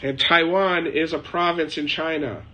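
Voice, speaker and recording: A man's voice: a little high, fairly even intonation, measured pace, bright, forceful tone, slight background noise, low-quality recording. A man hosting a casual live chat from his shed, answering viewer questions in a rambling, chatty way with frequent laughs. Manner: rambling, chatty, laughs often, mimics people.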